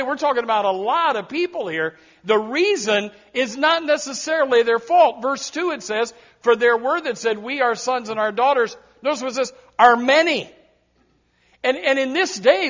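A man's voice: extremely high pitch, fairly bright tone. A man preaching a sermon as pastor, emphatic and repetitive, with frequent direct asides to his congregation. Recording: dull lo-fi sermon recording.

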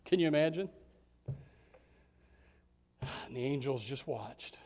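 A man preaching a sermon with passion, jumping from loud exclamations to hushed lines and repeating words at the start of phrases. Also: mid-range voice, lively intonation, slow pace.

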